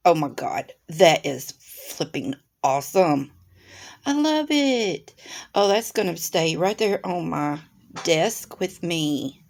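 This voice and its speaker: A woman's voice: deep voice, gravelly. A woman, chatting to her viewers while unboxing crafts at her desk at home, gushing and exclaiming as she goes. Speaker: craft channel host. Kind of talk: casual unboxing chat to viewers. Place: home room with a desk by a window.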